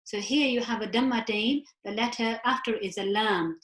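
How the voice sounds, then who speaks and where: A woman teaching recitation in an online class, her voice at an ordinary middle pitch. She walks patiently through each rule and chants short verses slowly. The sound comes through a video call from an echoey room. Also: fairly bright tone.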